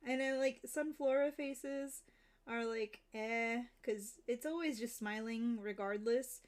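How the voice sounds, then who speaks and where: A woman's voice: fairly high pitch, a little slow. A woman streamer chatting casually while she draws, giggling often between remarks. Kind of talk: casual chat while drawing.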